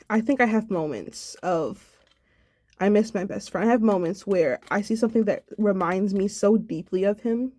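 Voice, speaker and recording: Young woman, sad, soft-spoken, rambling, warm mellow voice, dry sound. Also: mid-range voice, no echo. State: sad, subdued. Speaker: vlogger. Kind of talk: personal video diary.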